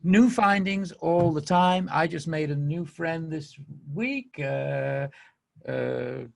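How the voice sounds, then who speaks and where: A man's voice: a little high, slow, creaky. A man with a Manchester accent hosting a podcast, talking in a rambling, enthusiastic way and laughing often. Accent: Mancunian. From England. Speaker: podcast host. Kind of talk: casual monologue.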